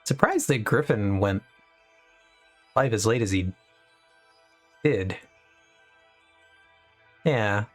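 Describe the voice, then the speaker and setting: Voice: medium pitch, animated, very slow, long pauses. Young adult streamer, casual rambling chat to viewers, upbeat asides, faint music under the voice. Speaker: live streamer.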